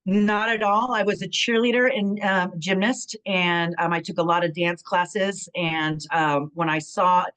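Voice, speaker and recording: A middle-aged woman from California telling stories in a relaxed interview, with a fairly low voice. She acts out what people said and fills her talk with "um" and "you know what I mean." Her delivery stays chatty and animated. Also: a little slow, hardly any pauses, poor audio. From San Bernardino, California. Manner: animated storytelling, acts out quotes, frequent fillers. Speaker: guest, former pro wrestler. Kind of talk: casual interview chat.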